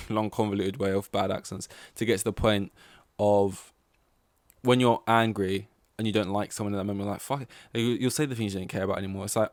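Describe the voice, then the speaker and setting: A man chatting alone on his own podcast in a loose, rambling way, swearing casually and losing his thread now and then. His voice sits a little low. The sound is dry and close, with no room around it. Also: no room sound. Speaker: podcast host. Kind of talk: casual solo podcast chat.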